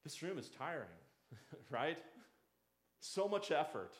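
A man's voice: on the high side, lively intonation, moderate pace, pauses often, echoey room. A man preaching a conversational sermon as a pastor, slipping into the voices of doubters and critics.

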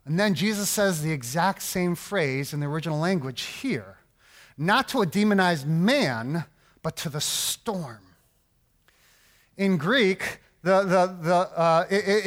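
A man's voice: sits high, expressive, a little slow, fairly bright tone. A man preaching a sermon as a pastor, casual and rambling, with lots of restarts and asides, asking "right?" often.

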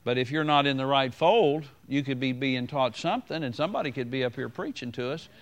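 A man preaching a sermon as pastor, talking conversationally to his congregation, repeating key phrases and slowing down to quote scripture. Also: medium pitch.

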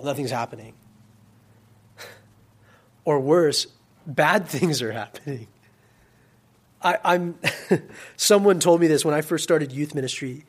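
A youth pastor delivers a casual sermon in a voice on the high side. He alternates between loud, emphatic stretches and quiet, soft-spoken asides.

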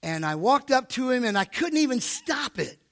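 A man preaching to a church, telling a story in an animated way and acting out his own inner voice. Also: very high voice, moderate pace. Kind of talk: storytelling sermon.

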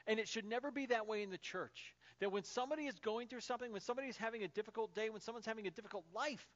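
A pastor in his thirties preaches with a high voice at a racing pace, telling stories in a lively, conversational style full of fillers. The audio sounds dull.

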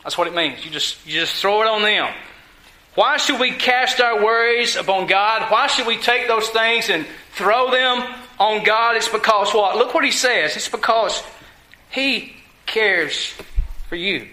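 A man's voice: high voice, a little slow, pushed and bright. A man preaching a sermon in a folksy, conversational way, full of rhetorical questions to his church. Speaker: pastor. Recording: echoey room.

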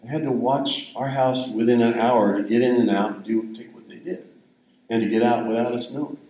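A man's voice: mid-range voice, fairly even intonation, fairly quick, dark tone, roomy sound, slight background noise, rough recording. An older man giving a sermon in a conversational, rambling storytelling way. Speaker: pastor.

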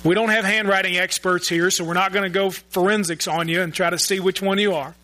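Male pastor, high bright voice, earnest sermon, stumbles over repeated words. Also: fairly even intonation, a little fast, poor audio. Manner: earnest, repeats words while searching for phrasing. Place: church sanctuary.

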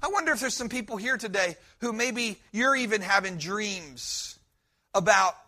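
High, bright-voiced man preaching. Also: lively intonation, normal speed. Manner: emphatic preaching, repeats promises with rising force. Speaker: pastor. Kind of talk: sermon.

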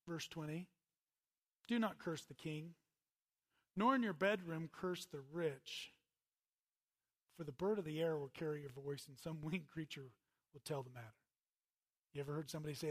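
Casting: male pastor, high voice, chatty sermon delivery with loud peaks and hushed asides. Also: normal speed, long pauses. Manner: conversational preaching, swings from loud bursts to quiet asides.

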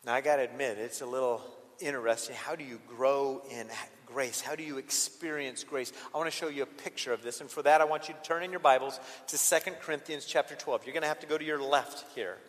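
A man preaching a sermon as a pastor, swinging between loud emphatic peaks and quiet intimate asides. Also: medium pitch, fast talker. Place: church sanctuary. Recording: long reverb of a large hall.

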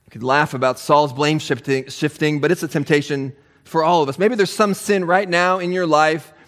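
A man preaching a sermon as pastor, animated and emphatic, with touches of humor. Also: a little high, normal speed, long reverb tail.

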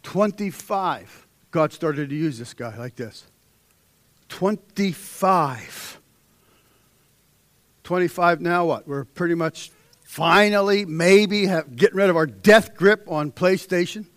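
A young man delivers a fervent sermon in a fairly high voice. He drops to a hush, then climbs into loud, ringing exhortation. The sound is dry and close. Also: normal speed, no room sound. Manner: swings between hushed intensity and loud, rising exhortation. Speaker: preacher.

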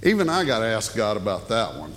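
A male pastor delivering a sermon in a conversational style, dropping into hushed asides and rising for emphasis. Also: fairly low pitch, huge pitch swings, brisk, slight background noise. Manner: conversational preaching, swinging between hushed asides and raised emphasis. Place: church sanctuary. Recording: long hall reverb.

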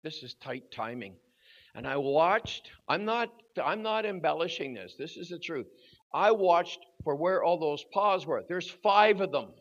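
An older man preaching at a youth service, telling a story with growing drama and shouting at its peak. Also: fairly high pitch, measured pace. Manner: animated storyteller, voice rising to shouts at the climax. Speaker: guest preacher. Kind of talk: storytelling sermon. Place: church hall at a youth service. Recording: dull lo-fi recording.

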